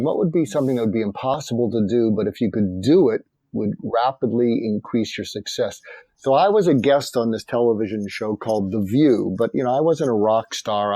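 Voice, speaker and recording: An older man recounts a story in a measured, unhurried way as a guest on a podcast. His voice is mellow and sits in a middle pitch. The sound is dry and close, with no room behind it. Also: no room sound, rough recording. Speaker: guest psychiatrist and author. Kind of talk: storytelling in an interview.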